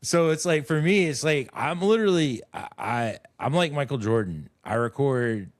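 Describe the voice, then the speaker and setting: A middle-aged man, a comedian guest, talking casually on a podcast in a rambling, halting, self-critical way. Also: mid-range voice, lively intonation, no room sound.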